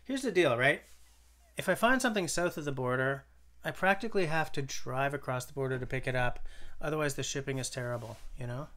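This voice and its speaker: A man's voice: mid-range voice, brisk, a bit bright. A man from Canada hosting a casual live stream, rambling and thinking aloud as he reads and answers viewers' chat. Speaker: livestream host.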